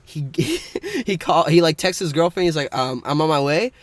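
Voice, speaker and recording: Young man, podcast co-host, casual chat, laughs a lot, slightly high, animated voice. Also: moderate pace, no room sound. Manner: rambling storyteller who laughs often.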